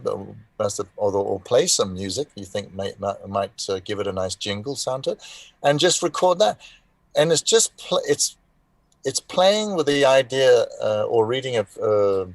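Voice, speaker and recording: A man's voice: fairly low pitch, normal speed, no room sound. A man in his sixties from South Africa, a voice actor chatting as a guest over a video call, rambling with many fillers and restarts, wry and frank. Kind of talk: casual live interview chat.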